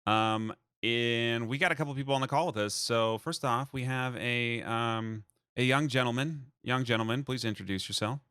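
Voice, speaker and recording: A man hosting a live stream in a relaxed, rambling manner, leaning on fillers as he explains things. His voice is bright and forward, and the sound is dry and close. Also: mid-range voice, moderate pace, smooth, no echo. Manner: loose, rambling, many fillers. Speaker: host of a speedrun race stream. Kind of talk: casual chat, explaining rules.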